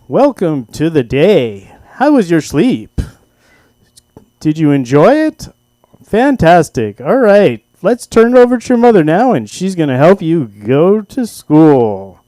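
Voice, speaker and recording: A man's voice: big pitch swings, slow, warm tone, no room sound. A man putting on his father's eager, chipper wannabe radio-announcer voice. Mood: chipper announcing. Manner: booming, chipper broadcaster delivery.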